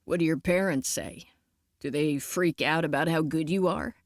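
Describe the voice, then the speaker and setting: A woman voicing a relaxed, earnest young man in an audiobook, speaking in a teasing, admiring way. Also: sits low, normal speed, no room sound, studio quality.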